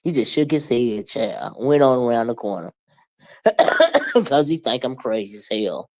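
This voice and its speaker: This vlogger in her fifties has a bass, slightly mellow voice with a sing-song lilt and measured pace, chatting casually into the camera to another creator. Her talk is folksy and Southern-tinged, full of "child" and "you know what I mean." She sounds older than she is and describes herself as a surly old bird.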